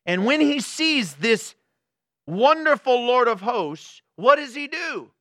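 A man's voice: very high voice, sing-song, slow pace, a bit bright, no echo, studio quality. A male pastor preaching a conversational sermon, full of rhetorical questions and acted-out everyday scenes.

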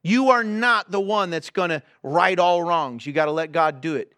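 A man's voice: high voice, normal speed, pushed and bright, no echo, clean studio sound. A man preaching a sermon as pastor, earnest and exhorting, speaking straight to his congregation. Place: church.

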